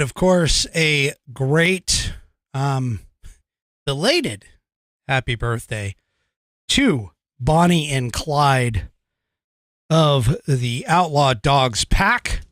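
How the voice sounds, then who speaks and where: Slow, lively American man hosting. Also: fairly high pitch. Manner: rambling, chuckling, many fillers and restarts. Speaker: podcast host. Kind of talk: casual political commentary.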